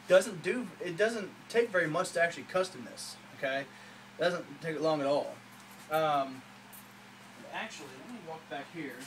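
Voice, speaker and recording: A man in a casual show-and-tell vlog, talking excitedly with lots of fillers in a small room at home. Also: on the high side, slight background noise, poor audio. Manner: rambling, enthusiastic, many fillers. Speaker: hobbyist showing a custom saber.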